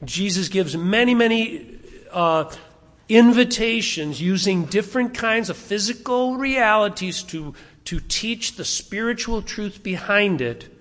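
A man's voice: sits high, animated, measured pace, fairly bright tone. A middle-aged man preaching a sermon to a congregation, asking them questions and having them turn to verses. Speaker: pastor. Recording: long hall reverb.

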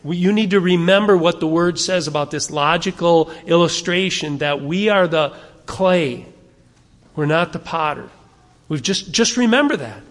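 A man's voice: on the high side, in a large hall. A male pastor preaching a sermon in a church, earnest and conversational, acting out the arguments people raise. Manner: softens and slows into prayer at the close.

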